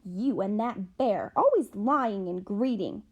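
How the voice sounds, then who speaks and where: A woman voicing the younger of two hungry ghost sisters, high, loud and quarrelsome. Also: lively intonation, slow, lo-fi sound. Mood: shrill indignant.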